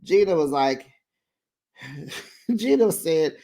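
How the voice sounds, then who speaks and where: A chatty reality TV recap host with a sassy, gossipy manner. The pitch leaps all over the place as the voice swings through each line, and the delivery stays slow and unhurried. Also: animated, vocal fry, dark tone. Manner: chatty and sassy, with frequent laughs and acted-out quotes. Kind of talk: casual recap commentary.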